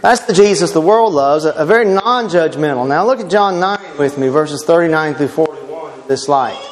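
A man's voice: a little high, animated, moderate pace. A man preaching a sermon, quoting scripture emphatically and mimicking his critics. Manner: emphatic, quotes scripture, mock voices of critics. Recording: long hall reverb.

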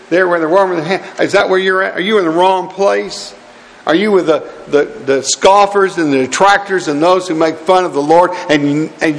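A middle-aged man preaching a sermon with fervent, repeated rhetorical questions. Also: fairly high pitch. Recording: hall reverb.

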